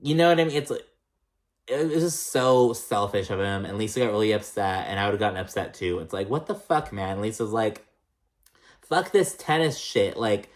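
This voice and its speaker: A man giving a casual recap of a reality TV episode. He talks loosely and swears a lot, fills his sentences with "like", and jumps between high and low pitch when he reacts. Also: lively intonation, a little fast. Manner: chatty and profane, heavy use of "like".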